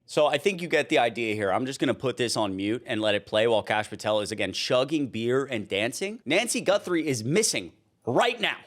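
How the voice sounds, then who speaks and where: A man's voice: medium pitch, a little fast, few pauses. A young man giving heated, casual political commentary, worked up and ranting.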